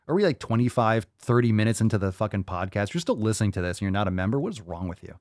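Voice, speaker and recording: A man hosting a fitness podcast, ranting loudly and swearing as he pushes listeners to act. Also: lowish voice, animated, rapid-fire, hardly any pauses, no room sound, clean studio sound. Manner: profane, loud, hyped rants. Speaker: podcast host.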